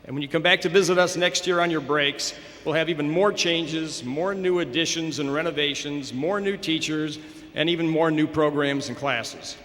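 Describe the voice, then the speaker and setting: A man in his fifties delivers a formal graduation speech in a bright, forceful voice that sits a little high. He speaks in a measured, encouraging way at the podium, and his words ring out with a long echo through a large ceremony hall. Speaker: school administrator giving a graduation address. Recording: echoey hall over a public address system.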